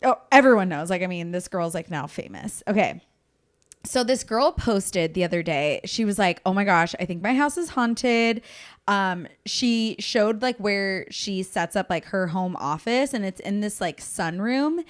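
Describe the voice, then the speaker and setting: A woman's voice: mid-range voice, animated, a little slow. A young woman co-hosting a podcast, telling stories in a gossipy, casual way and swearing freely. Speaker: podcast co-host. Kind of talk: casual chat.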